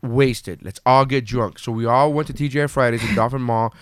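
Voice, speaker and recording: A man's voice: mid-range voice, fairly even intonation, brisk, clean tone, dry recording, clean studio sound. A man hosting a casual podcast, telling stories with lots of swearing and acting out his friends' voices. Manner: profane storytelling, does loud voices of friends. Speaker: podcast host.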